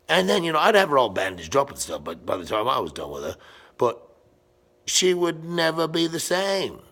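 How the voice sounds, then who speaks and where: A man in his fifties telling crude, boastful stories in a casual vlog monologue while walking around his home gym. He swings between loud bursts and low mutters. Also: gravelly. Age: 50s. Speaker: vlogger.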